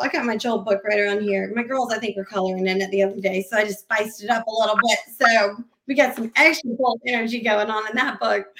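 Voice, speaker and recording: Gravelly-voiced woman, animated storyteller. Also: on the high side, roomy sound. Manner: animated, acts out quoted dialogue; rambling with frequent fillers and restarts. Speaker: podcast guest. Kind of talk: casual conversation.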